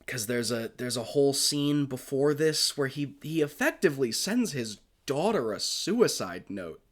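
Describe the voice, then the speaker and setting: A man's voice: mid-range voice, sing-song, unhurried. A man in a mid-range voice talks through a film he loves in a loose, unscripted monologue. He gushes, circles back on himself, and swears casually along the way. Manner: gushing, rambling, swears freely. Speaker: film reviewer.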